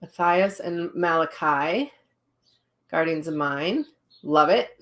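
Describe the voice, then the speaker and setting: A woman's voice: deep voice, expressive, takes it slowly, fairly bright tone. A middle-aged woman, a psychic medium, casually chatting on a live stream, telling stories and reading viewer comments aloud.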